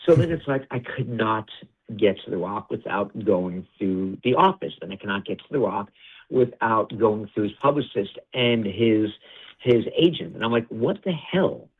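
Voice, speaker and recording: A middle-aged male producer, a guest on an interview, telling stories in a blunt, animated way and swearing freely. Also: lowish voice, normal speed, slightly rough. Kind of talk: candid interview storytelling. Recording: tinny phone-like audio.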